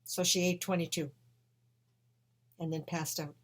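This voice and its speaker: A woman telling a personal story with emotion, swinging between hushed and loud. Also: fairly low pitch, little pitch movement, measured pace.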